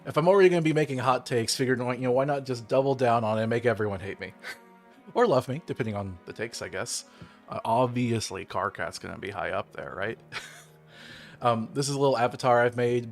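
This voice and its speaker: A young man chatting casually on his own livestream. He rambles, chuckles often, leans on fillers and makes self-deprecating asides. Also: lowish voice. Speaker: streamer hosting his own channel.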